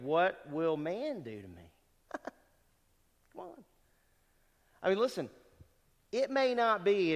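Earnest preacher in a reverberant hall. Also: male voice, on the high side. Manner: earnest, conversational preaching with rhetorical questions. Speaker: pastor. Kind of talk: sermon.

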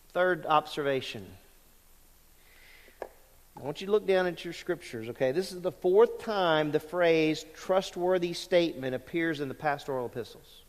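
A man's voice: a little high, big-room sound. A man preaching a sermon as pastor, conversational and emphatic, asking the congregation questions. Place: large church sanctuary.

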